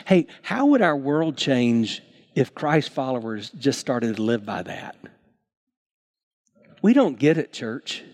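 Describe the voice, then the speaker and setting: Here a male pastor gives a sermon built on stories, voicing each character with large changes in pitch and loudness. He sounds a bit mellow and often stammers, starting his words over.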